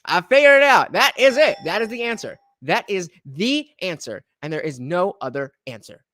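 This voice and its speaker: A man's voice: sits high, very animated, moderate pace, bright, forceful tone. A man hosting a livestream reaction, talking in a rambling casual way with many fillers and restarts.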